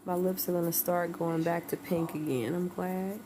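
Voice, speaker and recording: A woman's voice: lowish voice, little pitch movement, moderate pace, mellow, a little hiss or hum. A woman chatting casually at home on a livestream, rambling and laughing often. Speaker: livestream host.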